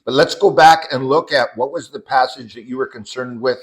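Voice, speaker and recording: In a casual group Bible study, a man with a mid-range voice explains scripture and its underlying Greek words to those around him. He speaks briskly, and the recording is rough.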